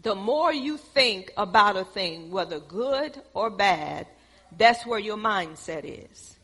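A woman's voice: medium pitch, slow pace, husky. Woman preaching in a reverberant hall. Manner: storytelling, rising to excited emphasis. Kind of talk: sermon.

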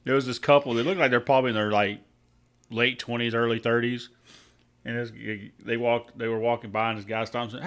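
A man's voice: medium pitch, level tone, fairly quick, a bit bright, clean tone. A married man, co-hosting a casual podcast and telling crude jokes in a drawling storyteller way. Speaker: podcast co-host. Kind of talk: casual joke-telling chat.

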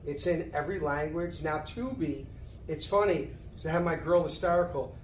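A man's voice: a little high, normal speed. Middle-aged Philadelphia man in a roomy echo. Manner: animated storyteller who acts out dialogue. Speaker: guest. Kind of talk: casual storytelling interview. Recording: roomy echo, faint background noise.

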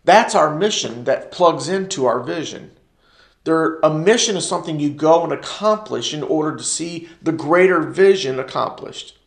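A man's voice: fairly high pitch, animated, moderate pace, gravelly, roomy sound. A man with an American accent teaching a church ministry class in sermon style, repeating key phrases and calling for responses from the room.

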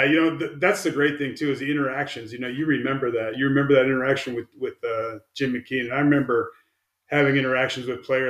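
A man's voice: mid-range voice, fairly bright tone. Easygoing man in an echoey room. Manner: easygoing, trailing off with fillers. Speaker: podcast guest, retired umpire. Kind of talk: casual storytelling chat.

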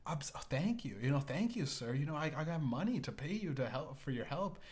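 A man's voice: fairly high pitch, big pitch swings, a little fast, darkish tone, voice pushed up. A man briefly voicing a grateful young woman.

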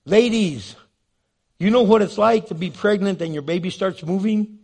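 A man preaching a sermon, animated and jokey, acting out the scenes he describes. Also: sits high, moderate pace, vocal fry. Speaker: pastor.

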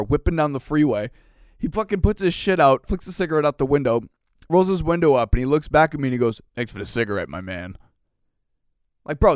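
A man's voice: fairly high pitch, dry recording. Swearing man ranting a story, dry sound. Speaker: podcast host. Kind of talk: casual chat.

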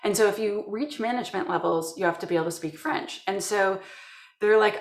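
In a conversational interview, a Canadian woman who works in security tells stories from her job, animatedly acting out quotes from colleagues. Her voice is medium-pitched and fairly quick, with a reverberant sound.

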